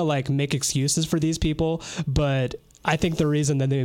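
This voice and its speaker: A man's voice: medium pitch, a little mellow, dry recording. A man co-hosting a casual conversation, easygoing and reasoning things through.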